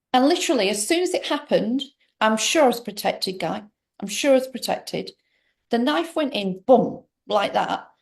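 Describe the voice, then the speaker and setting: Gravelly woman telling a personal story. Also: on the high side, darkish tone. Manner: rambling, emphatic, with many restarts. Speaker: interview guest. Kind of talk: personal story told in conversation.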